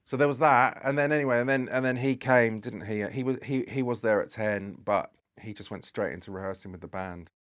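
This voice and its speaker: A man's voice: medium pitch, brisk, few pauses, fairly bright tone, clear, resonant tone. A man, a guest on a podcast, telling a long anecdote in casual chat and acting out the dialogue as he goes. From Britain. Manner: rambling storyteller who acts out dialogue.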